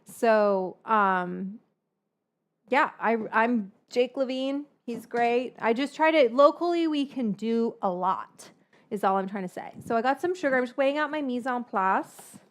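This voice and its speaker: This is a woman with a slightly high voice who is chatting while she cooks. She talks in a loose, frank, rambling way. She swears freely and jumps from tangent to tangent. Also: lively intonation, unhurried. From San Francisco Bay Area. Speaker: cookbook author and cooking host. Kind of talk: casual chat while cooking.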